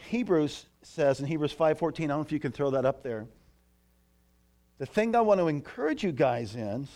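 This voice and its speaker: A man preaching a sermon in a church, telling a story with lively asides to the congregation. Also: fairly high pitch. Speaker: pastor.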